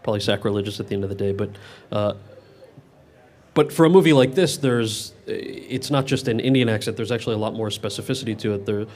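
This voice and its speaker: Fast-talking man at an audience Q&A. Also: lowish voice, a little mellow. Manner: talks fast with many quick restarts. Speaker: actor answering audience questions. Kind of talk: casual Q&A answers.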